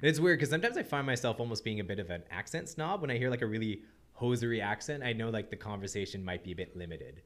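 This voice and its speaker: A man's voice: lowish voice, animated, fast talker, few pauses, fairly bright tone. A man from Canada, a guest on a casual podcast, telling stories and imitating regional accents. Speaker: guest, digital artist. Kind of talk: casual chat.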